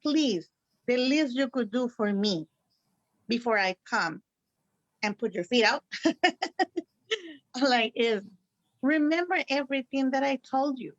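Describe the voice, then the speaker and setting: Here the same Spanish-native spiritual reader speaks slowly with long pauses, her voice on the high side and her intonation lively. She stays emotional, laughs a lot and uses non-native phrasing in this interview chat, captured as dry, muffled call audio without echo.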